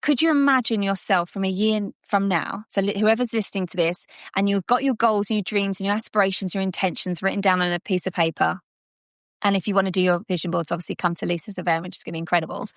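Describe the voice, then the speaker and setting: A woman speaking as a coaching guest, at a middle pitch for a woman, lively and chatty. She often slips into short acted-out scenes. Her voice sounds dry and close, with no room echo. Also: fast talker. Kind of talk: conversational coaching talk.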